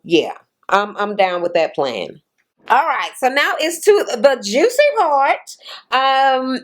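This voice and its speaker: A woman recapping a reality show in a casual, chatty way, blunt and swearing freely, with lots of "you know" and "uh". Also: mid-range voice.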